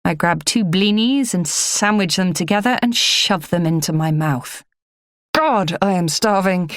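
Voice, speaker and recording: A female audiobook narrator reads a first-person story in a slow, measured way. Her voice is fairly low, and the recording is dry with clean studio sound.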